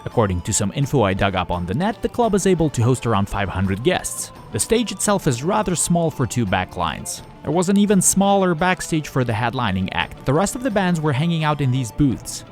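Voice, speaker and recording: A man's voice: a little high, sing-song, brisk, hardly any pauses, faint music behind. A young adult man narrating his touring vlog in a dry, matter-of-fact voice-over with wry humor. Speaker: touring drummer and vlogger.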